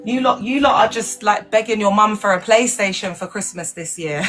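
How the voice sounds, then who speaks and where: A woman talks frankly and chattily into her phone during a live stream at home. Her voice sits in a middle range, and she keeps checking in with her viewers. Music plays clearly in the background. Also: medium pitch, normal speed, fairly bright tone. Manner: chatty, frank, many tag questions and terms of endearment. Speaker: livestream host. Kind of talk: rambling live-stream chat.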